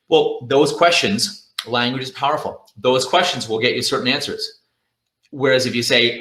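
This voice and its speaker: Energetic male sales trainer, bright voice. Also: medium pitch, moderate pace, echoey room. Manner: energetic, repetitive, coaching the audience directly; acts out inner thoughts in quoted voices. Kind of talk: virtual conference talk.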